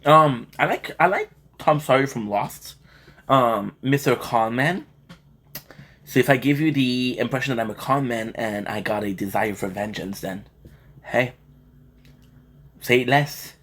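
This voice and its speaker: A man's voice: medium pitch, a little slow, a bit bright, slight background noise. Tired, joking male gaming streamer. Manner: laid-back, joking banter with chat. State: tired and feeling a bit sick. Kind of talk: casual live-stream chat and game commentary.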